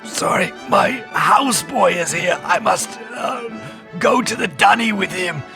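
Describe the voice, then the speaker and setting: A podcast host, a man, putting on a pompous, drawn-out parody of a posh British gentleman. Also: mid-range voice, steady tone, music in the background, pitched below the performer's own voice. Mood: mock-pompous. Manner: exaggerated, drawn-out parody accent. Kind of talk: comic bit on a podcast.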